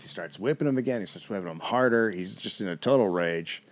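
A man's voice: on the low side, expressive, a little fast. A man co-hosting a comedy podcast, casually retelling a historical story with wry asides.

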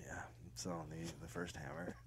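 A middle-aged man with a fairly low voice tells a story on a comedy podcast. He delivers it dry and deadpan, slipping in sardonic asides. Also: normal speed, gravelly, husky. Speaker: podcast co-host telling a history story.

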